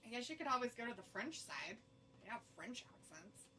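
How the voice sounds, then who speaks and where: A woman's voice: a little high, a little fast, recorded from a distance, slight background noise. Laughing woman co-host reading chat. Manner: animated, laughs often, reads comments aloud. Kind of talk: casual livestream chat.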